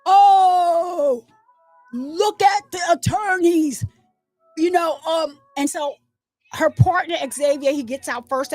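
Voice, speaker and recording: A woman with a high voice hosts a casual commentary, retelling events with plenty of animation. She acts out what the crowds shouted and speaks with open indignation. Faint music plays behind her. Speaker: commentary channel host.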